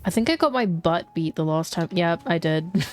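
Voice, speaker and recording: A woman's voice: lowish voice, animated, normal speed, soft background music. Chatty woman streamer explaining a game. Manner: chatty, explains with many fillers. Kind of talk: casual gameplay commentary.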